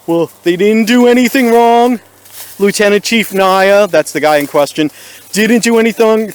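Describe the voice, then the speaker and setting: A man's voice: high-pitched, clear, resonant tone. A man hosting his own video channel, talking straight to viewers in an exasperated, sarcastic rant, recorded on a small camera microphone. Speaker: video host. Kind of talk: ranting vlog commentary. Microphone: built-in camera microphone.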